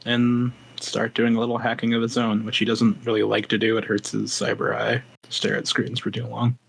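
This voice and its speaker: A man's voice: medium pitch, completely flat delivery, a little fast, creaky, breathy edge. A man playing a tabletop game, hesitantly describing what his character does, with many fillers.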